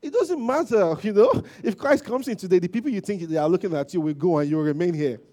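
A man preaches in a relaxed, informal sermon, talking to the congregation as if chatting with them. His voice sits somewhat high yet sounds mellow and warm. He keeps checking in with the listeners, swelling for emphasis and then dropping away quietly. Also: quick pace. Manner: informal, peppered with "you know" and "okay?" checks to the congregation; animated, rising loud at emphasis and trailing low. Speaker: lay preacher. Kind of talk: conversational sermon.

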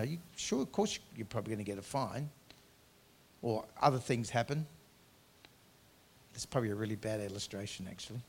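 A man preaching a sermon as pastor, earnest, swinging from loud emphatic lines to quiet conversational asides, drawing out key words. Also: medium pitch.

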